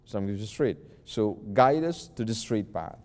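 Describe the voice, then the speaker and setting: Man, religious teacher, patient explanatory lesson, recites and repeats words, warm mellow tone, long hall echo. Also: on the low side, lively intonation, unhurried. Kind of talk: explanatory lesson, recited Arabic verses then translated.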